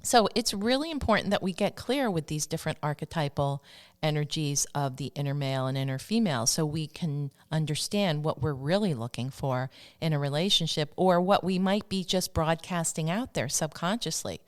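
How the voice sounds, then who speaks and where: A woman hosting a spiritual self-help radio talk, speaking slowly and soothingly as she leads listeners through repeated affirmations. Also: low-pitched. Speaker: radio show host.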